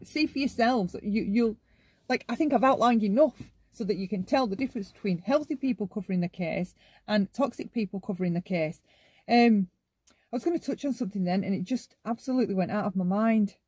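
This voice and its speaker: A woman hosts a commentary channel, delivering a casual monologue in long runs and ending many of her points with "right?". Her voice is medium-pitched, darkish and husky, a little fast, with no echo.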